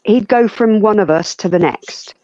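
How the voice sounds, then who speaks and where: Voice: medium pitch, normal speed, mellow, no room sound. A blunt, swearing panelist vents at length in a casual live stream chat. The sound is dull and lo-fi over a video call, and very dry, with no room around it.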